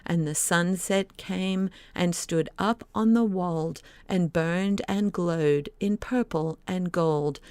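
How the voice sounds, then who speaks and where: A woman narrating an audiobook, reciting a children's story poem in a slow, lilting way. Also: fairly low pitch, darkish tone, clear, resonant tone, no room sound.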